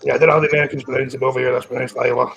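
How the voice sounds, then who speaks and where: A Scottish man hosting a live stream, reading news stories aloud casually, stumbling over words and clearing his throat. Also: mid-range voice, level tone, rapid-fire, a bit bright, a little hiss or hum, poor audio.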